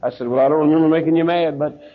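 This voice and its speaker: A pastor with a Southern US accent, telling a story in a sermon and acting out the voices of the people in it, heard on a dull lo-fi recording. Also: male voice, fairly high pitch, fairly even intonation, racing. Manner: folksy preacher, acts out quoted voices.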